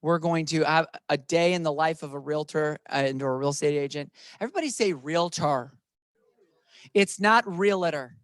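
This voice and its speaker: A man's voice: fairly high pitch, a little fast, hardly any pauses, dry recording, clean studio sound. A man leading a real estate training session, playful and emphatic, talking to the room and to viewers online.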